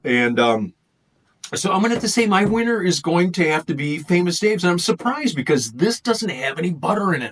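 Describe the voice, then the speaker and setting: A man's voice: high-pitched, very animated, a little fast, fairly bright tone. A man reviewing food in a casual vlog, thinking aloud and rambling as he tastes.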